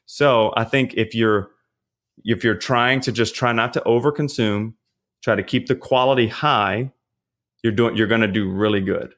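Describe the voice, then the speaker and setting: A man, a pastor and fitness trainer, talking as a podcast guest and giving casual nutrition advice in a relaxed, chatty way, often checking in with "you know what I mean?". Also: lowish voice, normal speed. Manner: relaxed, chatty, frequent fillers and rhetorical checks.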